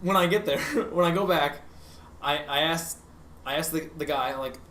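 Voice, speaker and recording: A young man with a slightly high voice rambles through a story on a casual podcast, stacking fillers and restarts and laughing at his own tale. He sounds like he is in an echoey room with a faint hiss underneath. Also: moderate pace, fairly bright tone. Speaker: podcast co-host.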